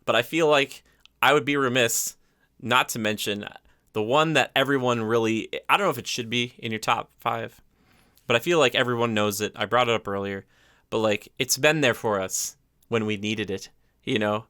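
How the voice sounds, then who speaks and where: A man's voice: medium pitch, normal speed, sharp tone, clean tone, dry recording, clean studio sound. A man co-hosting a podcast in casual chat, enthusiastic and rambling, with many fillers. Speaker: podcast co-host.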